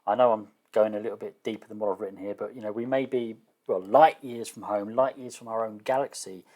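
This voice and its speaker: A man explaining his solo tabletop game setup in a casual, hesitant way, often pausing with fillers and restarting sentences, and unsure of some terms. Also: fairly low pitch, darkish tone. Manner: self-deprecating, unsure of terms. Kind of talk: casual thinking-aloud explanation.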